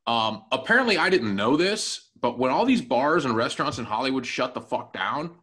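Male co-host, crude animated storyteller, lively swinging pitch, bright tone. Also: moderate pace. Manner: profane, animated anecdote telling with acted-out quotes. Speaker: podcast co-host and new tech guy. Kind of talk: casual chat, storytelling.

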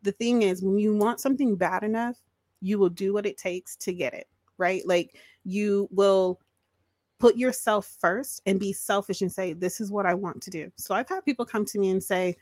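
A woman's voice: mid-range voice, moderate pace, a little mellow, no room sound. A woman guesting on a podcast in casual chat, talking directly and laughing often. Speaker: podcast guest, business owner.

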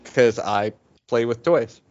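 A man co-hosting a casual podcast chat, easygoing and self-deprecating, with halting restarts. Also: medium pitch, darkish tone, muffled recording. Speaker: podcast co-host. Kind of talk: casual chat about toy purchases.

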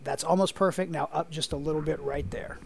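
A man's voice: fairly high pitch, fairly even intonation, brisk, gravelly, a little mellow, a little hiss or hum. A man hosting a casual podcast, joking around and laughing often. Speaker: podcast host.

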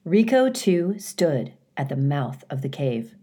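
A woman teacher reading a children's novel aloud in a calm, clear storytelling manner. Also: deep voice, takes it slowly, few pauses. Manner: calm, clear storytelling with occasional dramatic emphasis.

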